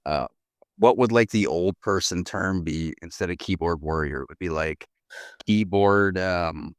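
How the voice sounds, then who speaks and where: A man's voice: deep voice, unhurried, no echo. A young man co-hosting a podcast, riffing playfully in casual chat. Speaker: podcast co-host.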